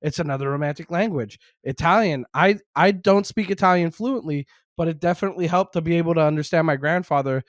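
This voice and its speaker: A man's voice: fairly high pitch, fast, few pauses, no room sound, studio quality. A young man from Montreal, a stand-up comedian, chatting casually as a podcast guest and telling jokey stories. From Montreal, Quebec. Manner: animated, jokey storytelling.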